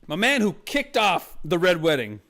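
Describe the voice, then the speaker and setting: A man's voice: sits high, big pitch swings, moderate pace, creaky, a bit bright. A man streaming a casual review chat, rambling with many fillers and restarts, calling viewers "Mama".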